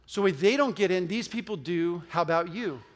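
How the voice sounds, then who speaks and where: A man preaches a sermon in a church, his voice sitting fairly high. He speaks earnestly, pressing his listeners with building emphasis and then easing into prayer. The sound carries the long reverb of a large sanctuary. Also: expressive, moderate pace. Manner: earnest, storytelling, rising to emphatic exhortation. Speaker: pastor. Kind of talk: sermon with altar call and prayer.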